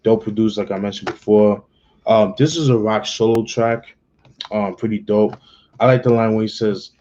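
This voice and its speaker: A man's voice: lowish voice, fairly even intonation, normal speed, warm tone, muffled recording. Laid-back slangy man reviewing an album. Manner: laid-back, slangy, many fillers and restarts. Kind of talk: casual spoken album review.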